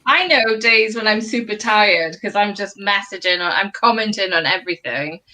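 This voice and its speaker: A woman's voice: mid-range voice, moderate pace, sharp tone. A woman co-hosting a podcast who chats casually and giggles. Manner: chatty, giggly. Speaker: podcast co-host. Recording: noisy background hiss.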